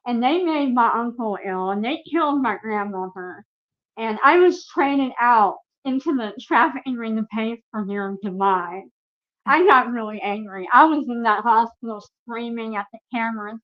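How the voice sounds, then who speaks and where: A woman's voice: a little high, moderate pace, lo-fi sound. A woman guest giving personal testimony in an interview, earnest and emphatic, speaking straight to the viewers.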